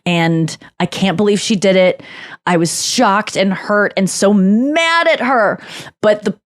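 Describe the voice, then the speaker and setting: A woman in her thirties hosting a podcast, talking in a rambling, animated way full of fillers and restarts. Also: medium pitch, slow. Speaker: podcast host. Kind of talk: casual chat.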